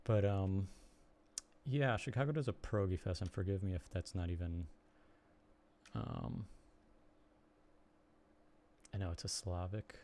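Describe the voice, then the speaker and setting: A man's voice: sits low, steady tone, measured pace, long pauses, mellow, a little hiss or hum. A man casually chatting on a live stream while he works on a blog post, hesitant and apologetic, with lots of ums. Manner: hesitant, apologetic, many fillers.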